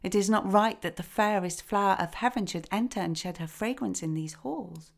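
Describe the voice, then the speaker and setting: A woman's voice: medium pitch, normal speed, creaky, natural voice. A woman voicing the grave male ruler of the underworld, speaking formally and solemnly.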